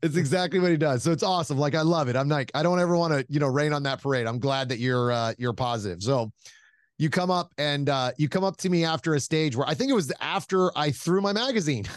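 A man hosting a casual chat, telling stories in an animated, self-mocking way, swearing freely and laughing often as he talks. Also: fairly high pitch, quick pace, dry recording, studio quality. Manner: laughs often while talking. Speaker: podcast host.

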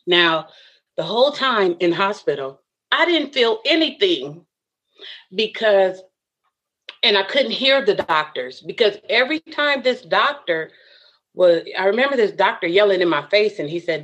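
A woman's voice: medium pitch, very animated, a little slow, a bit bright, lo-fi sound. A woman guest in an interview, earnestly recounting a personal story and acting out what others said to her. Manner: earnest, emotional, often voices what others said.

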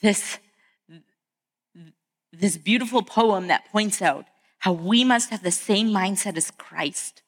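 A woman's voice: mid-range voice, slow, pauses often. A middle-aged woman pastor giving a conversational sermon, telling family stories and acting out the voices of the people in them. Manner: storytelling, acts out quoted family voices.

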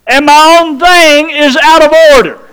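A man delivers a sermon in a very high-pitched voice. He preaches slowly and emphatically, drawing out his phrases and putting rhetorical questions to his congregation. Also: fairly even intonation, pushed and bright. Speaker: pastor.

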